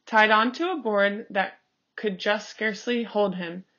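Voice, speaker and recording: Lady reading a kids' storybook out loud, really slow, calls out page flips, muffled lo-fi audio. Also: mid-range voice. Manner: slow, expressive read-aloud, calls out page turns. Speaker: storybook reader. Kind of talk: reading a picture book aloud. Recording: dull lo-fi recording.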